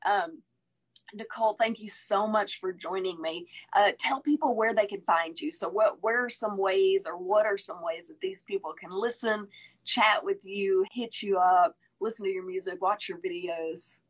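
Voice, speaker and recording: A woman with a mid-range, slightly rough voice hosts a casual interview chat at a moderate pace. A singer-songwriter, she is effusive and enthusiastic and often repeats her praise.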